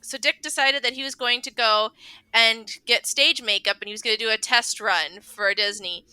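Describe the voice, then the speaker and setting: A woman guest on a podcast chats about a film with eager energy, breaking into giggles. Her voice is very bright and crisp, with a slightly high pitch. The sound is dry and close. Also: normal speed, no echo. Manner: enthusiastic, giggly storyteller. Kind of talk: casual movie podcast chat.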